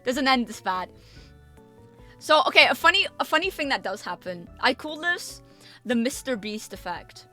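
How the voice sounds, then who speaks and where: A woman streamer telling a story in a casual chat, animated and emphatic, swearing freely and repeating herself. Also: high-pitched, normal speed, faint music behind. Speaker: VTuber streamer.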